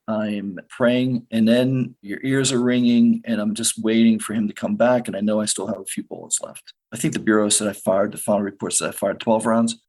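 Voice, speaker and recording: A middle-aged man tells in the present tense how he survived a shooting, sometimes rushing ahead and sometimes slowing down heavily. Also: on the low side, a little mellow, husky, rough recording. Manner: vivid present-tense retelling, sometimes rushed, sometimes slow and heavy. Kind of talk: first-person podcast storytelling.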